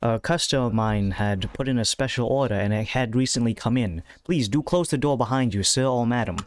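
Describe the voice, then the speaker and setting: A man's voice: mid-range voice, fairly quick, no echo, studio quality, lightly acted. A man voicing a courteous florist who fakes being blind and puts on an accent, speaking in an overly polite, formal way.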